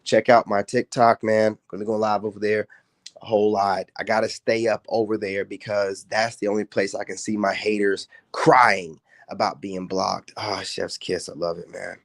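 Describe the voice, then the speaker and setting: A man's voice: lowish voice, flat delivery, normal speed, vocal fry. Taunting man trash-talking on a livestream. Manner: profane, slangy street talk. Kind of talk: casual livestream rant.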